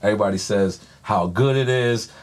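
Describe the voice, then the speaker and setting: A man guest telling stories in a casual interview, animated and swearing freely. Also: on the low side, brisk. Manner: animated, swears freely, acts out others' lines in voices.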